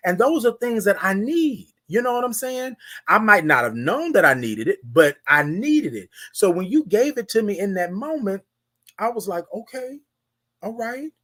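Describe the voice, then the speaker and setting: A man's voice: sits high, sing-song, moderate pace, a bit bright. A man hosting a morning show, giving a motivational talk in a slangy, preachy manner, calling out listeners by name and repeating phrases for emphasis. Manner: preachy, hype, talks straight to listeners by name; slangy, informal.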